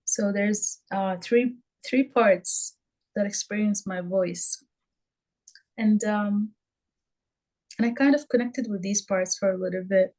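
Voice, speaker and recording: A woman's voice: medium pitch, slow pace, long pauses, a little mellow, rough recording. A woman sharing her experience in a group workshop, hesitant and full of ums and restarts. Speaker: workshop participant.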